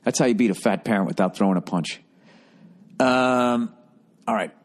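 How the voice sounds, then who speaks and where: Male podcast host, lowish voice, blunt and sweary comic advice, sarcastic delivery. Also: moderate pace. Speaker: podcast host reading listener letters. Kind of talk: comedic advice rant.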